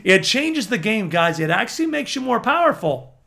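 A man preaching to an audience as a prophetic minister, fervent and building to emphatic near-shouts. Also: high voice, very animated, moderate pace, creaky.

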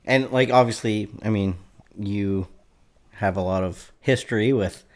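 A man's voice: fairly low pitch, unhurried, a little mellow. A man hosting an interview, asking loose, rambling questions. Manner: brief agreeable backchannel, loose rambling questions. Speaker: host. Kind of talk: casual interview chat.

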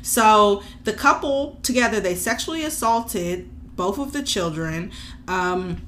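Bright-voiced woman telling a crime story. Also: mid-range voice, lively intonation, a little slow, a little hiss or hum. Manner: loose slangy storytelling, laughs often. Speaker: true crime podcast co-host. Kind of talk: casual chat.

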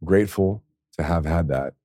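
A man's voice: sits low, moderate pace, warm tone, no room sound, clean studio sound. A man, a former pro football player, telling a story in a rambling, profane way and laughing often. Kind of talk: casual storytelling.

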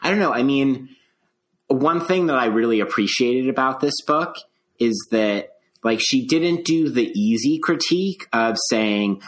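A man's voice: medium pitch, animated, unhurried, a bit bright. A man co-hosting an academic podcast, thinking aloud with many restarts and a habit of asking "right?". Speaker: podcast co-host. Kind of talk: casual academic discussion.

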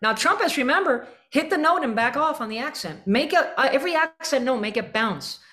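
A woman coaching a school band through a rehearsal, energetic and singing out rhythms to demonstrate. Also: sits high, fairly quick. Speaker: band clinician. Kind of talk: rehearsal coaching with sung examples.

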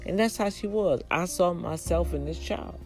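A woman casually retelling a story, lively and expressive, acting out the people in it and dropping in religious asides. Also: moderate pace, faint music behind, rough recording. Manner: animated, acts out quoted voices with big pitch jumps.

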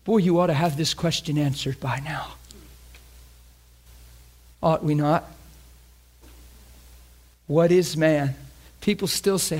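Impassioned preacher man, slightly high voice. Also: steady tone, slow pace, long pauses. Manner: impassioned, swings from loud emphasis to hushed near-whispers; asks the congregation direct questions. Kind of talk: sermon.

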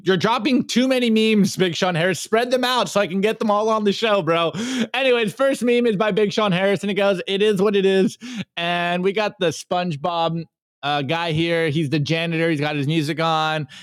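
A man hosting a solo podcast, reading memes aloud and rallying listeners, swinging from fired-up calls to low, earnest asides. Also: fairly bright tone, no echo, studio quality. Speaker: podcast host.

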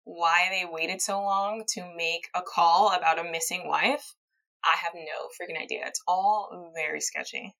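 A woman's voice: on the low side, fairly even intonation, normal speed, pushed and bright, low-quality recording. A woman hosting a casual podcast, recounting a true-crime case, reading quotes aloud and laughing easily. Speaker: podcast host telling a true-crime story. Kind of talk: casual storytelling chat.

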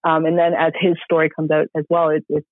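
A man's voice: a little high, completely flat delivery, fast talker, no echo. A man reviewing a film in casual podcast chat, enthusiastic and rambling with many fillers. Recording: tinny phone-like line.

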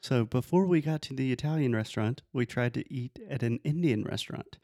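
A woman, co-hosting a casual podcast and telling travel stories in a relaxed way. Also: a bass voice, a little fast, no echo, clean studio sound. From Brazil. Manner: relaxed storytelling, explains terms. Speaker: podcast co-host. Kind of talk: casual chat.

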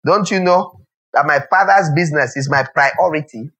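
A man's voice: on the high side, normal speed, fairly bright tone, lightly acted. A male preacher voicing the boy Jesus answering his parents plainly. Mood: matter-of-fact.

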